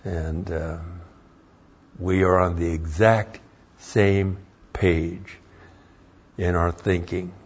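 An older male pastor delivers a sermon in a low, deliberate voice that drifts between homespun storytelling and rising emphasis. He takes his time with every phrase. The recording is dull and lo-fi. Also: level tone, husky. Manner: folksy storytelling that rises into emphatic preaching.

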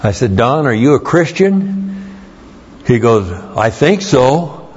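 Slow and sing-song, with a breathy edge and a medium pitch, a pastor delivers a sermon laced with anecdotes, telling life stories between his teaching points in a plain-spoken, conversational style. The sound quality is lo-fi.

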